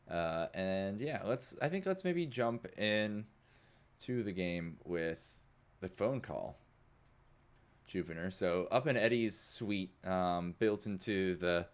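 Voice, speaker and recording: A young man narrating as game master, rambling with lots of fillers. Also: low voice. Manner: rambling, many fillers like "like" and "you know".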